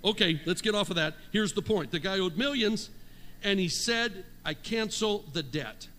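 High bright guy preaching in a church, shouts and call-and-response, big hall echo. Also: moderate pace. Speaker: pastor. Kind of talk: sermon. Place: church sanctuary. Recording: long hall reverb, faint noise.

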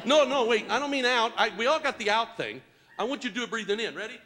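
Picture a man with a notably high voice standing before a church congregation, calling people up and coaxing them along. He teases and jokes with the crowd in a lively, interactive way. He sounds loose and playful as he keeps the room involved. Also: a little fast. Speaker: preacher leading a congregation.

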